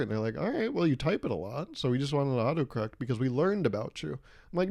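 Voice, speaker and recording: Mellow-voiced man hosting a rambling podcast. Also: medium pitch, very animated, quick pace, gravelly, no room sound, studio quality. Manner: rambling, profane, self-mocking, argues with himself. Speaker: podcast host. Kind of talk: solo comedic podcast monologue.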